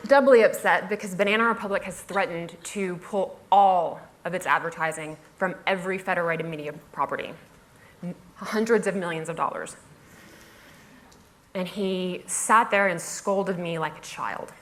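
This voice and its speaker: A woman's voice: on the low side, normal speed, slight background noise. A woman blogger telling a humorous story on stage. She speaks with wry, self-mocking comic timing, laughs through her own asides and mimics other people's voices. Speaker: blogger giving a talk.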